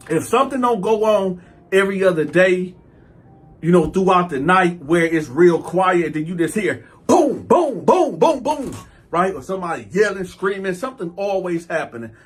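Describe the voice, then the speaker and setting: Man storyteller, high husky voice, animated, slangy. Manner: animated, slangy, acts out sounds. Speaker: host telling a story. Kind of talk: casual storytelling.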